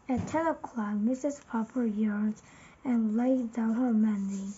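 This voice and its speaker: A woman with a Korean accent reading a children's novel aloud in a halting way, with slips and a husky voice. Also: a little high, dark tone, highs cut off, a little hiss or hum.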